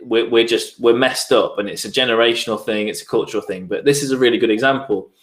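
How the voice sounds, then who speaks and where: A man's voice: mid-range voice, fairly even intonation, fast talker. A man talking earnestly as a guest on mental health, often repeating his phrases. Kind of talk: casual interview chat. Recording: roomy echo.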